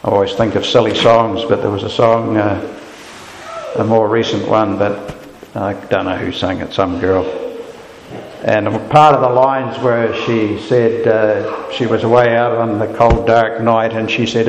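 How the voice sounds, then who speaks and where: A man's voice: mid-range voice, measured pace. A man preaching a sermon in an earnest, reflective way. He lifts his voice sharply whenever he quotes a cry of despair. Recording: echoey hall with long reverb.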